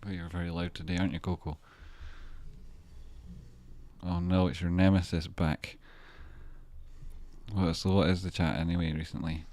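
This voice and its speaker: Low-voiced man rambling to his livestream chat. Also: level tone, normal speed, pauses often, darkish tone. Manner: rambling, joking, reacting to chat messages. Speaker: trading livestream host. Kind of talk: casual livestream chat with viewers.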